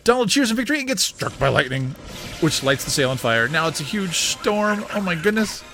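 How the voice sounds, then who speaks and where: A man hosting a podcast, giving excitable, giggly play-by-play commentary on a cartoon as he watches it. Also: high-pitched, a little fast, over music. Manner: giggly, excitable narration of on-screen action. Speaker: podcast host.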